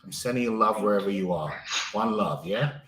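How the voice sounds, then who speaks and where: A man's voice: fairly low pitch, expressive, moderate pace. A man hosting a live coaching stream, offering repetitive and affirming spiritual encouragement to a caller. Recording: roomy sound with faint music.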